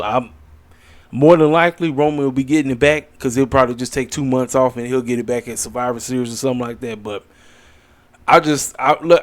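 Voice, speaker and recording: A man hosting his own wrestling channel, giving blunt, opinionated predictions in a rambling casual chat, tired and yawning late at night. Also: mid-range voice. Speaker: wrestling commentary channel host. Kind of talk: casual solo predictions video.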